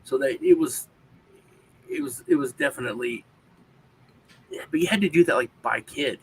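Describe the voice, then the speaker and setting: A man's voice: on the high side, huge pitch swings, moderate pace, gravelly, slight background noise, low-quality recording. A middle-aged man hosting a casual chat, rambling and acting out family stories in changed voices. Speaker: show host.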